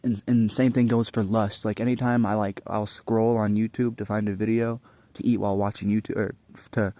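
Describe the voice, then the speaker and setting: A man's voice: on the low side, little pitch movement, brisk, warm tone, no room sound. Rambling, foul-mouthed young man. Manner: profane, rambling, frequent restarts. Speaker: vlogger. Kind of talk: casual rambling monologue.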